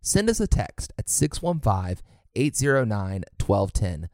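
A man's voice: fairly low pitch, very animated, measured pace, a little mellow, dry recording, clean studio sound. A man making a friendly, inviting podcast announcement as host.

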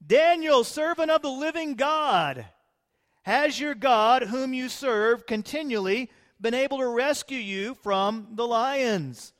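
A man's voice: very high-pitched, expressive, slow pace, a bit bright, voice pushed up, exaggerated voice. A man preaching who voices an ancient king crying out urgently in anguish. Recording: long hall reverb.

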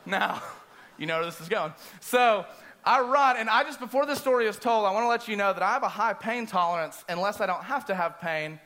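A man preaching a sermon, telling a personal story in an animated way and acting out his own screams. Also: high-pitched, a little fast.

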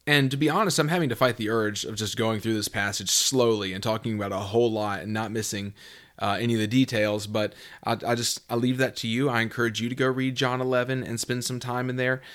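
A man in his thirties from the southeastern United States, hosting a casual Bible teaching talk in an earnest, conversational way and reading scripture slowly. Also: mid-range voice, fairly even intonation, fairly bright tone.

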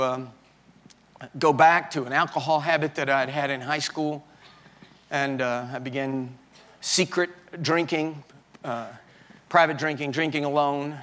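A man, preaching as a pastor and telling his own story, moving from loud fury to quiet, halting confession. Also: a little high. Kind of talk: sermon testimony.

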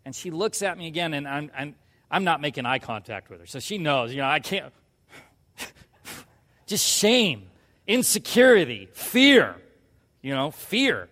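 A man preaching a sermon, telling a personal story and acting out quoted lines in a hushed voice before pushing to loud emphasis. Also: fairly high pitch, big pitch swings, a little slow, pauses often, big-room sound. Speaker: pastor.

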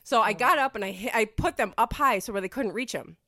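A woman's voice: a little high, fast, bright, forceful tone, no room sound. Woman podcast host, rambling casual chat, dead-dry close sound. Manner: rambling, filler-heavy storytelling.

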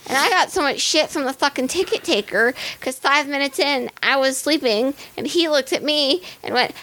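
A woman's voice: high-pitched, brisk, few pauses. A young adult woman co-hosting a casual podcast, telling stories bluntly and animatedly, with lots of swearing. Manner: profane, blunt and animated storytelling. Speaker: podcast co-host.

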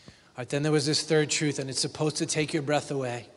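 A man's voice: fairly high pitch, fairly even intonation, quick pace. A man preaching a sermon as a pastor, conversational, often asking the congregation questions. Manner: conversational, asks the congregation questions, acts out silly quotes. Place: church hall with long reverb. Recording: reverberant church hall.

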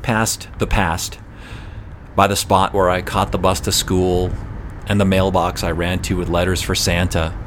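A young adult man telling a personal story in a reflective, measured first-person way. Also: low-pitched, flat delivery, a bit bright, a little hiss or hum.

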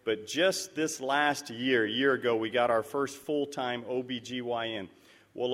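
A man giving a mission report to a church, telling stories earnestly and with animation. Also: medium pitch. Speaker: missionary speaker. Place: church sanctuary. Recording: echoey church hall.

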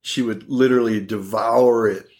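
This man speaks at normal speed with a medium pitch. Around sixty and an oral surgeon by trade, he guests on a podcast and swaps amusing family anecdotes, laughing wryly, full of animation and imitating the people he quotes.

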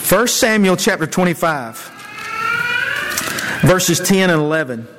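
A male pastor preaching a sermon in a conversational way, with fillers and quick self-corrections. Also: high voice, animated, noisy background. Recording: long hall reverb.

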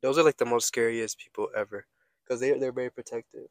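In a dry recording, a young male podcast co-host talks fast in a steady, mid-range voice, wandering through stories and cursing often during casual conversation.

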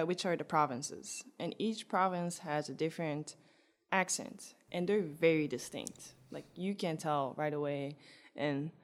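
A young woman from Antwerp with a Flemish accent, chatting casually as a guest and laughing often as she explains. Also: fairly low pitch. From Belgium (Antwerp). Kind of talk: casual chat.

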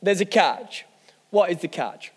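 A man's voice: high voice, animated, unhurried, in a large hall. A man, a pastor, preaching a sermon, telling stories with self-mocking humor. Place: church hall.

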